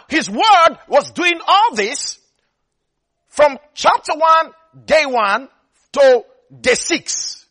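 A man's voice: very high voice, bright, forceful tone, husky. A man preaching a sermon, driving points home with repetition and often checking that his listeners are following.

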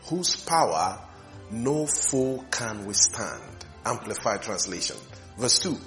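A male pastor preaching slowly and emphatically, repeating phrases with rising fervor. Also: fairly low pitch, fairly bright tone. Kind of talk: sermon.

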